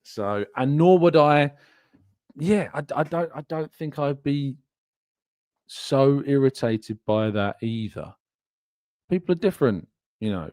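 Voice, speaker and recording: A man's voice: medium pitch, darkish tone, no room sound. Chatty man, dry close sound. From England. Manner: chatty, rambling, laughs often. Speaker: podcast host. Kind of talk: live-stream chat, reading viewer comments.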